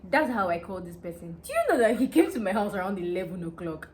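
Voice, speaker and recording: Fast-talking Nigerian woman telling gist. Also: mid-range voice, a little hiss or hum. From Nigeria, Delta State. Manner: animated and excitable, breaks into laughter. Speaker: vlogger. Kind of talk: casual storytelling gist.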